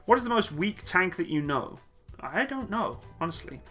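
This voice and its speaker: A man hosts a casual live Q&A stream, reading chat questions aloud in a jokey, laid-back way and laughing easily. His high voice is very animated, bright and forceful, at a normal speed, with faint upbeat music behind him.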